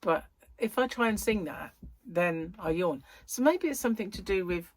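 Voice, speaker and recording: A woman chatting casually to her viewers from home, a bit croaky and tired, rambling and correcting herself as she goes. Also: mid-range voice, animated, normal speed, no echo. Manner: rambling, chatty, self-interrupting. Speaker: crochet vlogger. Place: at home, indoors.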